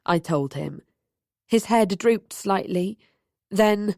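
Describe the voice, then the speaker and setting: Female audiobook narrator, medium voice, steady first-person storytelling, dry studio sound. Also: mid-range voice, measured pace, no room sound.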